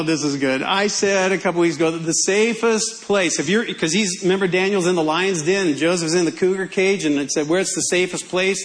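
A man's voice: sits high, a bit bright, low-quality recording. A male pastor preaching a sermon in a humorous, conversational way.

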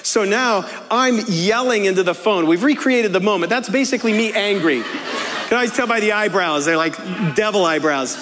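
A high-pitched male pastor tells a funny, self-deprecating story from the pulpit, breaking into laughter often. His voice rings out through a reverberant church hall with faint room noise behind it. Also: normal speed. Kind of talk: humorous sermon storytelling. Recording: echoey hall with faint ambience.

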